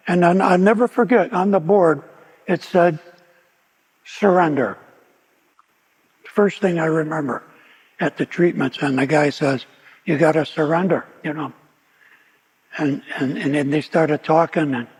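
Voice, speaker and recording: A man's voice: fairly high pitch, darkish tone, husky. A man giving a personal recovery testimony at a meeting, telling his story with frequent restarts and repeated words. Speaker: guest speaker at a recovery meeting. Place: meeting hall. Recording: long hall reverb.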